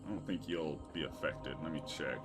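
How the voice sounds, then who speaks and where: A man's voice: a bass voice, moderate pace, over loud music. A man running a tabletop game as game master, laid-back and casual, cursing and laughing often.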